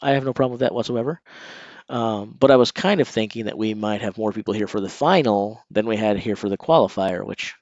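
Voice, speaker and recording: Male stream host, low voice, chatty and direct with viewers; dry, muffled mic. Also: darkish tone, no echo. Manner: conversational, talks straight to viewers. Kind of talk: casual live stream chat.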